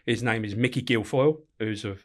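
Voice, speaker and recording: A man's voice: lowish voice, brisk. A man, a former prison officer, telling anecdotes in a podcast interview with frequent swearing. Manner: animated, swears freely, acts out voices. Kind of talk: anecdotal storytelling.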